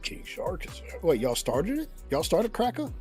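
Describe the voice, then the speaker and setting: A man with a fairly high, very lively voice argues playfully with a friend during a gaming stream. He talks in quick bursts and repeats words as he presses his case. Faint game music plays in the background. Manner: rapid-fire arguing, repeats words, playful. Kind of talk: casual gaming stream banter.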